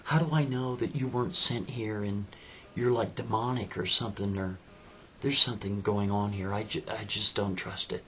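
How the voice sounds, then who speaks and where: A man voicing a skeptical, devout young woman in a spoken story, her tone incredulous and rising to shrill. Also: fairly even intonation, moderate pace, a bit bright, slight background noise. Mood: wary.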